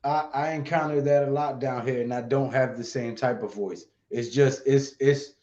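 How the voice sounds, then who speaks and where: A man's voice: medium pitch, steady tone, moderate pace, echoey room, highs cut off. A man from New York, assertive and outspoken in casual sports talk. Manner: assertive, outspoken, says he speaks loud.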